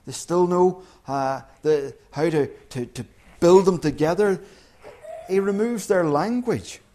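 Man, preacher, sermon, lively humorous storytelling, slightly high pitch. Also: slow pace. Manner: lively storytelling, acting out voices with humour.

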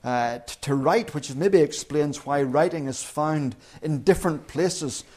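A man preaching a sermon who tells the story lively and with humour, acting out little voices. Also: on the high side, a little slow.

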